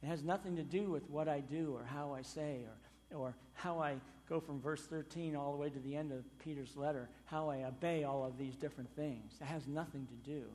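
A man preaching a sermon as pastor, emphatic, with loud stressed phrases and sudden quiet drops. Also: fairly high pitch, fairly quick, hardly any pauses, in a large hall, a little hiss or hum.

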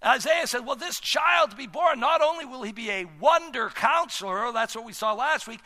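A male pastor preaching a sermon, swinging between shouted emphasis and hushed, drawn-out words. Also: very high-pitched, expressive. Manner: dramatic, swings from shouting to near-whispers. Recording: long hall reverb.

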